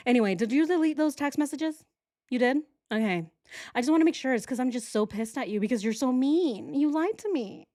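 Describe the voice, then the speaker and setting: A woman's voice: medium pitch, a little mellow, no room sound, clean studio sound, close to an everyday voice. A woman putting on a mocking impression of a petty, melodramatic young woman who rattles off orders on the phone, whiny and over the top. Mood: sulky.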